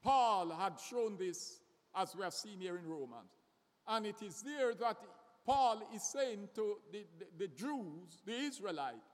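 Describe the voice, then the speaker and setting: A man preaching a sermon slowly and deliberately, often repeating words as he searches for the next one. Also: high-pitched, expressive. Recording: long reverb of a hall.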